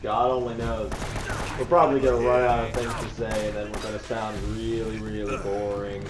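A man with a Northeastern Ohio accent giving casual, rambling let's-play commentary, chatty and quick to laugh. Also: fairly low pitch, level tone, noisy background. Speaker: gameplay commentator. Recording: roomy echo with game music and gunfire.

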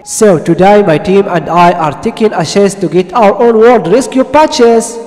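A man with an Arabic accent hosting a video and retelling a cartoon episode in slow, broken English. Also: high-pitched, darkish tone. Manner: slow read-aloud narration, broken English grammar. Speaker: video host. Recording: long reverb with faint music.

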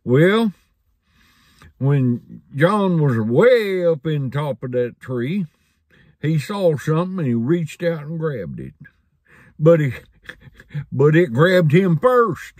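A man preaching a folksy sermon, chuckling through his stories. His slow voice sits a little high and swings widely in pitch. The sound is close and dry. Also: sing-song, darkish tone, no echo.

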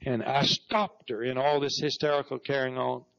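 A man's voice: mid-range voice, level tone, normal speed, gravelly, fairly bright tone. A middle-aged man preaching a sermon, telling stories and breaking into repeated praise. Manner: storytelling preacher, repeats "Praise God" with rising fervor. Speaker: pastor. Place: church sanctuary. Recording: dull lo-fi 1991 church recording.

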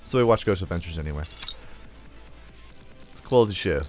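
A man's voice: sits low, fast talker, long pauses, darkish tone, soft background music. A young man hosting a gameplay video, telling rambling jokey stories into a desk mic while he plays, with little sound effects. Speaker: let's play host. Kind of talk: casual gameplay chat. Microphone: desk microphone.

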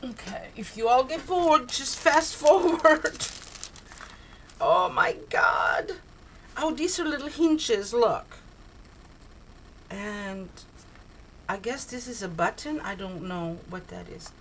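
A woman's voice: fairly high pitch, slow pace, a little hiss or hum, poor audio. An older woman opening a craft swap package on her video blog, gushing and exclaiming over each tiny item. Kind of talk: casual unboxing chat. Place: cold home, heater on.

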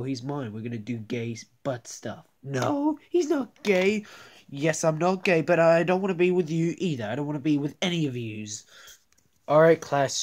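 Voice performer hopping between many cartoonish characters. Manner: switches between many squeaky and gruff character voices, crude and bickering. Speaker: toy puppet show creator voicing every character. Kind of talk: improvised comedic toy skit.

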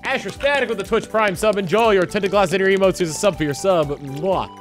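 A man's voice: high-pitched, a little fast, soft background music. A man chatting casually while playing a game on a live stream and reading out subscriber thanks. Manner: animated, reads out subscriber thanks. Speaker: streamer, co-player.

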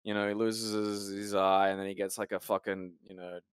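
A man's voice: on the low side, level tone, brisk, clean tone, no room sound, studio quality. A young man co-hosting a casual podcast chat, rambling and swearing often as he trails off mid-sentence. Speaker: podcast co-host.

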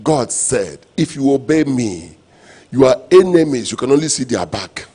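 A man preaching a sermon, his voice sitting at an ordinary middle pitch. He repeats his refrains and leans on call-and-response. Quiet, low asides give way to sudden loud, emphatic bursts. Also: expressive, a little slow, husky. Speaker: pastor.

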